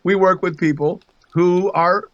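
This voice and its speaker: A man guesting on a casual livestream, an animated storyteller who laughs often, heard over a video call. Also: sits high, unhurried, no echo, dull audio. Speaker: voice actor guest.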